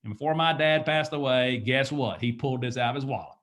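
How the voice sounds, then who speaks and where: A man's voice: medium pitch, fairly quick, a bit bright. A man in his fifties giving an emphatic, preachy motivational talk, often asking "guess what?". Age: 50s. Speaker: motivational speaker.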